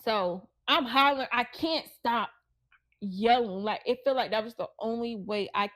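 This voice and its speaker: A woman's voice: fairly high pitch, normal speed, fairly bright tone, no echo. A woman who co-hosts a podcast, telling an emotional personal story and acting out the voices of her relatives. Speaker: podcast co-host.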